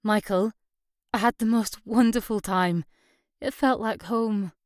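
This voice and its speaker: A woman's voice: medium pitch, steady tone, a little slow, dry recording, studio quality, natural voice. A woman voicing a friendly, shy young Northumbrian woman in an audiobook, with a Northumbrian accent. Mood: warm, shy.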